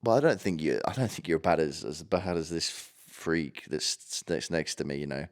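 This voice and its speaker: A man's voice: extremely low pitch, moderate pace. A man in his twenties with a British accent, telling a story in a rambling, self-mocking monologue full of coarse slang. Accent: British English. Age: 20s. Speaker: podcast host.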